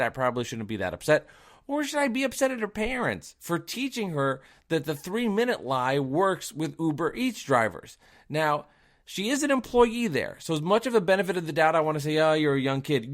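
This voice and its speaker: A man hosting his own podcast, telling a story in a casual, worked-up rant full of rhetorical questions, swinging between loud outbursts and quiet asides. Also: on the high side. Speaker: podcast host and delivery driver.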